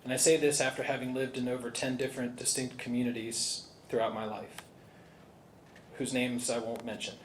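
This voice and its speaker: A man's voice: mid-range voice, flat delivery, normal speed, a little hiss or hum. A man, the board chairman, delivering earnest prepared remarks at an indoor gala. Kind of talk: prepared speech at a podium. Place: large indoor banquet hall. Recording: roomy hall with faint ambience.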